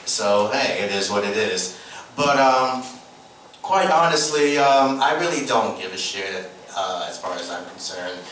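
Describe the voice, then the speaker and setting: A man emcees a comedy night in a low voice, rambling through loose, crude jokes. The sound comes from a distance in a very echoey club, with steady room noise behind. He talks in casual stand-up banter. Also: measured pace. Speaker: host.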